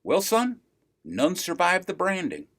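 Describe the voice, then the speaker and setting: Guy doing a slow drawling old rancher, friendly, voice bouncing around. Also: high voice, wildly swooping pitch, gravelly, fairly bright tone, a little hiss or hum, exaggerated voice. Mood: folksy. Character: folksy old male Texas rancher.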